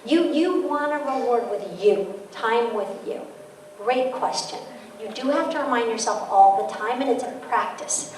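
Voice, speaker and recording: A woman author giving a parenting talk to an audience, lively and acting out quoted voices. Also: fairly high pitch, normal speed, slight background noise. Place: school event room with audience. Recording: echoey room, mic from a distance.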